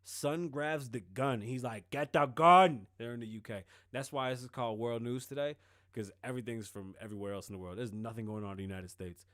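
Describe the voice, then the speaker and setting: A man hosting a podcast, talking casually and swearing freely as he tells stories in an animated way. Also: medium pitch, fairly quick, dry recording, studio quality. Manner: profane, animated storytelling. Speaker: podcast host.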